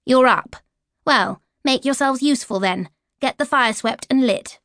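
A woman's voice: sits high, unhurried, a bit bright, no room sound, studio quality, pitched above the performer's own voice. A woman voicing a cold, scheming middle-aged stepmother who gives orders in a haughty, commanding way. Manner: haughty, commanding, falsely sweet.

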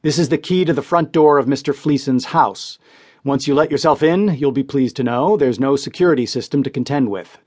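A man's voice: mid-range voice, fairly quick, a little mellow, natural voice. A man voicing a cold, matter-of-fact billionaire in an audiobook.

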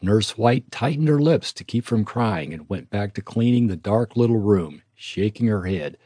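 Warm, husky male audiobook narrator. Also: fairly low pitch, normal speed, dry recording, clean studio sound. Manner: steady storytelling. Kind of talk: scripted narration.

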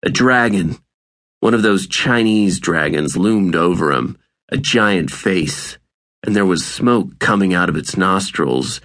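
A man narrating an audiobook in a measured, deliberate reading. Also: low-pitched, expressive, fairly bright tone. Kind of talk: scripted narration.

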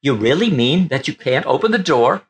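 A man's voice: medium pitch, big pitch swings, normal speed, husky. A man voicing an eager young station attendant in an audiobook, stubborn and insistent about the rules.

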